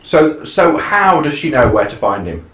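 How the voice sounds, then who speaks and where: Podcast co-host, sarcastic chatty film commentary, lively pitch, echoey room. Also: male voice, measured pace. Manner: chatty, sarcastic, doing mock film voices.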